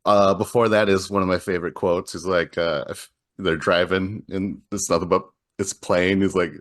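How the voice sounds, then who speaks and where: A man's voice: deep voice, fairly even intonation, normal speed. A man hosting a casual movie podcast, laughing often and swearing casually. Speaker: podcast host. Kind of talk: casual chat about movies.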